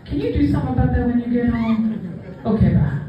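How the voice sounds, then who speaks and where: A woman voicing a calm, grown-up male pet dog who leaves dry, matter-of-fact phone messages. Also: a little high, fast talker, muffled recording, crowd noise, close to an everyday voice. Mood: fed up. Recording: echoey bar room from far.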